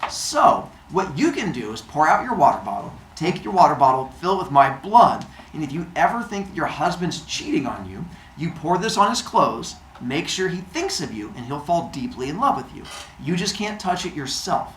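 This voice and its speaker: A man doing a sly smooth-talking centaur. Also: fairly high pitch, big pitch swings, normal speed, a bit bright, reverberant, slight background noise. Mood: persuasive. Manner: casual, persuasive.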